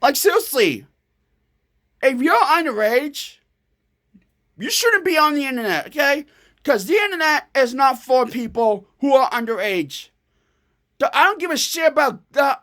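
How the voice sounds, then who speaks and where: A woman's voice: high-pitched, lively intonation, a bit bright. A woman ranting angrily to camera in a vlog, swearing often and stumbling over restarts. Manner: angry, profane, halting with restarts. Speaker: vlogger.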